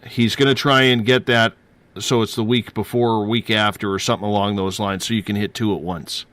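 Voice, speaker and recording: A man hosting a radio talk show. He speaks in a brisk, announcer-like way as he reads questions and wraps up the show. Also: fairly low pitch, fairly even intonation, fairly bright tone, no echo.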